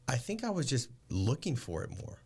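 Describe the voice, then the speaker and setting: A man co-hosting a podcast, talking in a relaxed, reflective way with plenty of "like" fillers. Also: mid-range voice, fairly quick, breathy edge. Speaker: podcast co-host. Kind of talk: casual chat.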